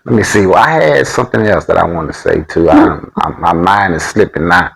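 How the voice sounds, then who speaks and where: A man's voice: low voice, fairly quick, creaky, fairly bright tone, rough recording. Laid-back Southern man telling stories. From Alabama. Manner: laid-back storyteller, slangy, chuckling asides. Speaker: vlog co-host. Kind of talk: casual chat.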